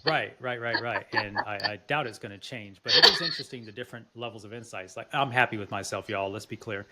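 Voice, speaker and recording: A man's voice: lowish voice, fast talker, a loud crowd. A man hosting a podcast interview, chatting earnestly and restarting his words often. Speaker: podcast host. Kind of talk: casual interview chat.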